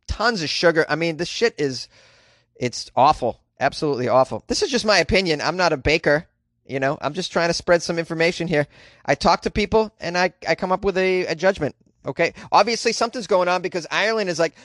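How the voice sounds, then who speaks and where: A man delivers comedic news commentary in a ranting, sarcastic way, full of crude jabs. His voice sits a little high for a man, and the sound is dry and close. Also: fairly bright tone, no echo. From United States.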